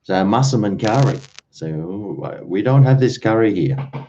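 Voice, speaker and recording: Deep and mellow, an Australian man speaks at a normal speed while hosting a late-night livestream. He rambles easily and chuckles between thoughts, and the stream audio is dull and lo-fi.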